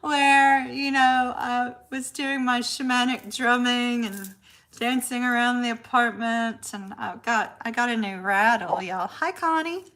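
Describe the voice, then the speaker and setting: A woman's voice: a little high, measured pace, fairly bright tone. A woman hosting a tarot livestream from her apartment, chatting casually, greeting viewers by name and laughing often.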